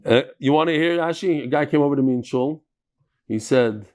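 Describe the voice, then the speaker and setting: A man teaching a daily Talmud class in a casual, lively way, mixing English with Hebrew, Aramaic and Yiddish terms and telling stories with quoted voices. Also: mid-range voice, a little fast.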